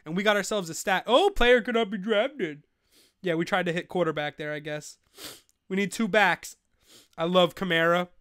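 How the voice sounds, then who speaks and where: The clip has studio quality with no room sound: a young man with a high, clean-toned voice at a normal pace. He hosts a live fantasy football show, giving casual streamed commentary while excitedly swearing and ranting in frustration.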